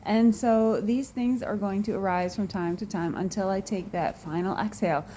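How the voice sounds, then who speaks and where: A woman speaks directly to her viewers in a reflective, heartfelt way, pausing often and letting out soft sighs. Her voice sits in a middle pitch, and she talks at an unhurried pace. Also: a little hiss or hum. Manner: earnest, emotional, pausing with sighs and laughs. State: near tears. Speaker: wellness show host. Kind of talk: personal reflective talk to viewers.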